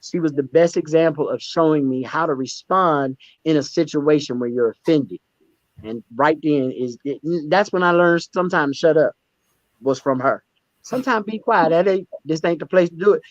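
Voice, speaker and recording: A man in an interview, telling his stories candidly in an emphatic, animated way. His voice sits a little high, and he often repeats himself as he restarts a thought. The sound is dry and somewhat muffled. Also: normal speed, dry recording. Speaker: stand-up comedian and guest. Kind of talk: candid conversational storytelling.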